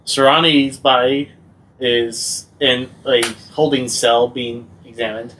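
Brief: plain-spoken male tabletop player, mid-pitched voice. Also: fairly even intonation, takes it slowly, pushed and bright, slight background noise. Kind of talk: tabletop role-play chat. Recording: distant from the mic.

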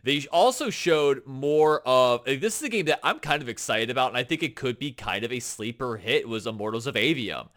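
A man co-hosting a casual podcast, talking in an excitable, animated, teasing way. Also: mid-range voice, a little fast, few pauses. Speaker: podcast co-host. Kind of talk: casual chat.

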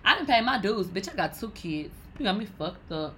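A woman in her thirties hosts a gossip podcast with a bright, forward voice. She talks bluntly and profanely, loud and animated, with faint noise in the background. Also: mid-range voice, moderate pace, rough recording. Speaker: podcast host. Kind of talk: casual gossip commentary.

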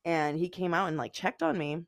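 A young woman co-hosting a podcast in casual chat, animated, swearing freely and saying "bro" and "like" a lot. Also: fairly low pitch, brisk, vocal fry, slight background noise. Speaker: podcast co-host and streamer.

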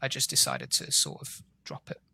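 A man in his thirties from England with a softened Yorkshire accent, an English teacher answering interview questions in a relaxed, rambling way over a video call. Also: normal speed, noisy background. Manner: relaxed, rambling, many fillers.

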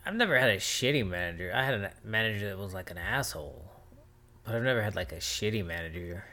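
A man's voice: fairly low pitch, animated, fast talker, pushed and bright. A man co-hosting a podcast in casual chat, laid-back and matter-of-fact. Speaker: podcast co-host.

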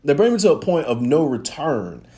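Podcast host, man with a high voice that swings a lot, animated and profane. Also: normal speed. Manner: animated, profane, emphatic storytelling. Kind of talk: casual monologue.

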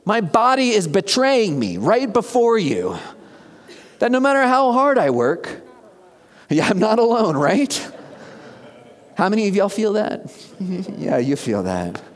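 A man around fifty preaching a conversational sermon, asking the congregation questions and dropping to a hushed near-whisper for emphasis. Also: sits high. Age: about 50. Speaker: pastor. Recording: long reverb of a large hall.

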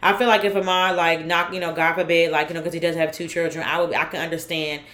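A woman's voice: fairly low pitch, little pitch movement, quick pace, a bit bright, reverberant. A woman co-hosting a casual chat podcast, talking emphatically and repeating her points. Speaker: podcast co-host. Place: room with window open.

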